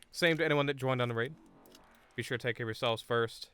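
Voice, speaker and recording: A man live-streaming a video game, chatting with viewers in an excitable way, swearing and breaking into sudden loud outbursts. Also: mid-range voice, quick pace, clear, resonant tone, faint music behind. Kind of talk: live gameplay commentary.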